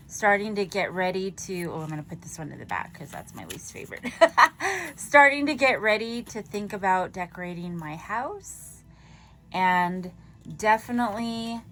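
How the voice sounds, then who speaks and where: A woman's voice: on the low side, a bit bright, a little hiss or hum. A woman vlogger casually chatting as she shows off her handmade craft tags, giggly and self-deprecating. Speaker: papercraft vlogger. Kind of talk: casual show-and-tell chat.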